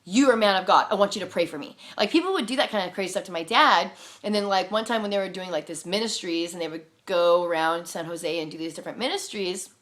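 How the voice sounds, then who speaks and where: A woman's voice: lowish voice, fairly bright tone. A woman talking in a casual, rambling monologue, candid and defiant, full of swearing, "like" fillers and restarts. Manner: profane, many "like" fillers and restarts. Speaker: vlogger sharing spiritual stories.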